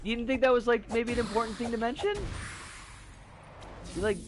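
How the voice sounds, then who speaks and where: A woman streaming a video game, swearing often as she yells at the game and rambles with her chat in between. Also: on the high side, big pitch swings, moderate pace, pauses often, noisy background. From United States. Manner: swears constantly, yelps and curses at the game, then drifts into rambling chat. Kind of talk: casual live game commentary. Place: home streaming setup, living overseas.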